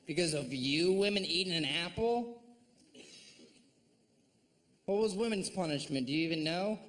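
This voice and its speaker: A man doing a sardonic, mocking stand-up comedy set on stage, slipping into shrill put-on voices. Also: a bit bright. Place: comedy stage before a live audience. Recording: live stage recording with audience noise.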